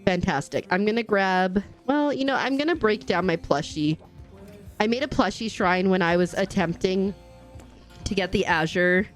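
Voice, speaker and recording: A woman streaming a game live, chatting casually, laughing often and greeting her chat viewers. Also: fairly low pitch. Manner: bubbly, giggly, greets chat viewers warmly.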